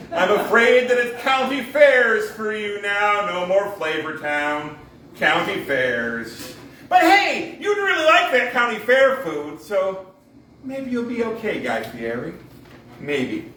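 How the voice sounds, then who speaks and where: High-voiced sarcastic man doing stand-up. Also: sing-song, a little slow, sharp tone, a little hiss or hum. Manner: sarcastic, mock-conspiratorial rants with frequent laughs. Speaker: comedian. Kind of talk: stand-up comedy set. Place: coffee shop open mic. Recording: echoey room, mic at a distance.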